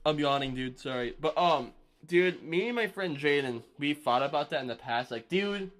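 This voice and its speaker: Between drum sessions on a live stream, a young man talks at normal speed in a slightly high, animated, fairly bright voice. His casual chat wanders, heavy on fillers and relaxed slang.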